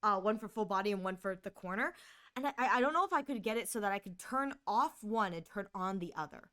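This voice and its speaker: A woman with a Northern US accent chatting casually on a live stream, bubbly and excitable, often laughing. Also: medium pitch, fast.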